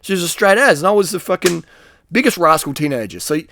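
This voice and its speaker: A middle-aged man with a blunt, profane manner, giving advice in a rambling casual monologue, often trailing off on a low, quiet word. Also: lively intonation, quick pace, vocal fry, slight background noise.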